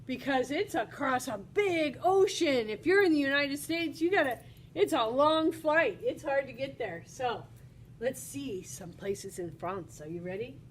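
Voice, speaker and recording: A woman's voice: high-pitched, lively intonation, measured pace, slight background noise. A woman teacher giving a bubbly, exclamatory video lesson to children. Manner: bubbly and exclamatory, talks to kids.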